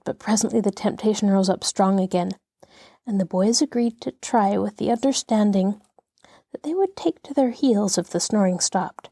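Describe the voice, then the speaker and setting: A woman, a children's librarian, reading a classic novel aloud in a steady, measured storytelling voice. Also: medium pitch, dry recording, clean studio sound.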